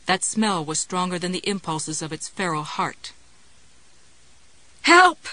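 A woman reading a suspense novel aloud as audiobook narration in a steady, measured way. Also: fairly low pitch, dry recording, low-quality recording. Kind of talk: scripted narration.

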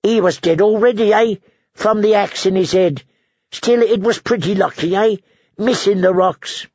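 A mournful young soldier with a raised, gravelly voice that rasps a little, croaking "caw" and "eh" as he grumbles in a flat, deadpan way, as a male narrator puts him on. It comes across as a dry, slightly dull audiobook recording. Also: high-pitched, normal speed, dry recording, pitched above the performer's own voice. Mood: glum deadpan.

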